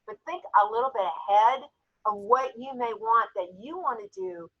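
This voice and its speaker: A woman's voice: a little high, moderate pace. Emotional woman telling a story, lo-fi. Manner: emotional, storytelling, tearful at times. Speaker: jewelry sales team member. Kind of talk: casual group call.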